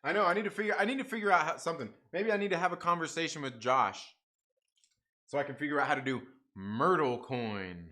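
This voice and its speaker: Lively, profane man hosting a stream. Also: on the high side, fairly quick. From half Mexican family. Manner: profane, laughing, talks to chat while eating. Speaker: live stream host. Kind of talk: casual late-night live chat, reading comments.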